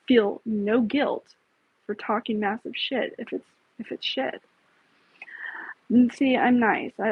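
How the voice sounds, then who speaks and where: A woman's voice: fairly high pitch, breathy edge, no room sound. A woman hosting a casual live stream, talking bluntly, with frequent swearing and rambling asides. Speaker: livestream host. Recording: tinny phone-like, dry sound.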